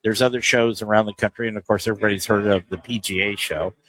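A man's voice: lowish voice, fairly even intonation, quick pace, fairly bright tone, dry recording, low-quality recording. A man hosting a casual interview at a golf show booth, asking easygoing, rambling questions.

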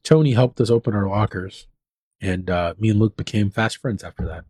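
A man in his forties chatting casually with friends, animated and jokey, telling stories. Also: lowish voice, a little fast, husky, no echo, studio quality. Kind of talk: casual chat.

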